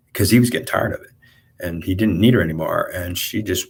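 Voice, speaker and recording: A man talks through a spiritual monologue in a low, husky voice. He rambles, stopping and restarting his sentences and repeating himself as he goes. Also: normal speed.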